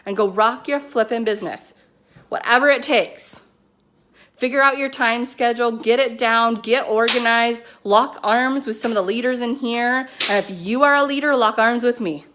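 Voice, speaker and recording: Chatty, excitable woman giving a pep talk. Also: on the high side, moderate pace, a little hiss or hum. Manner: excited, chatty, heavy on "like" and "you know". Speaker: network marketing team leader. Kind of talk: casual motivational pep talk. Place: at home with her kids nearby.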